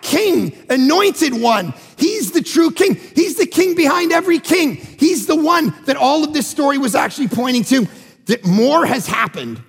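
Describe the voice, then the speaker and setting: High, gravelly male pastor preaching. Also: in a large hall. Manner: energetic, joking, emphatic preaching that swings between loud and quiet. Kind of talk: sermon. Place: church.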